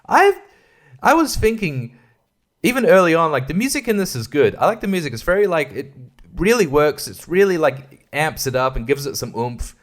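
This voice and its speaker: A man's voice: fairly high pitch, big pitch swings, normal speed. A man hosting a podcast, chatting casually about a film in a rambling, joking and profane way. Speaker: podcast host. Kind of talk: casual film-review chat.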